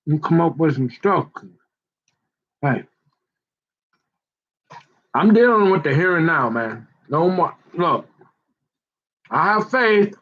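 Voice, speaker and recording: A man's voice: fairly high pitch, expressive, slow pace, pauses often, dull audio. A tired man, rambling and joking in a casual vlog. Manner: rambling, joking, repeats himself. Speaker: vlogger.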